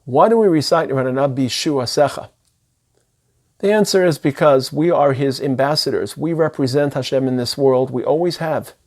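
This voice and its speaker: A rabbi living in Israel delivers an impassioned holiday sermon in a medium-pitched voice at normal speed, building his speech through long spoken lists.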